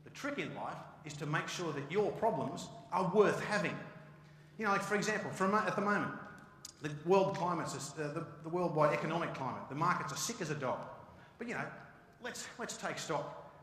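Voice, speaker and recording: A man with an Australian accent giving an animated, joking keynote talk. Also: fairly high pitch, fairly quick. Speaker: keynote speaker. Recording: echoey hall, live stage.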